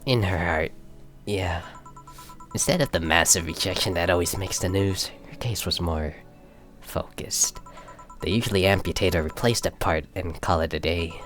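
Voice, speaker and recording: Male fan as a subdued young woman, measured and soft-spoken, low-pitched, light music behind. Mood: somber. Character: calm young woman, grieving sister, matter-of-fact. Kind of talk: fan voice acting of a visual novel.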